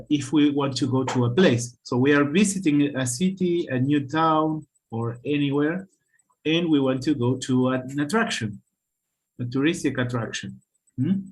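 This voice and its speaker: Male English teacher, slow and patient delivery, keeps checking in with students. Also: mid-range voice. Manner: patient, checks in with "hmm?" often. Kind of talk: online class teaching.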